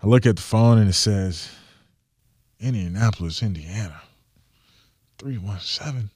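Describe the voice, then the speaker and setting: A young man, a guest on an interview, telling his story in a casual, animated way and acting out what he thought at the time. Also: on the low side, measured pace, breathy edge, no room sound, studio quality. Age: young adult. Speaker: NFL tight end, guest.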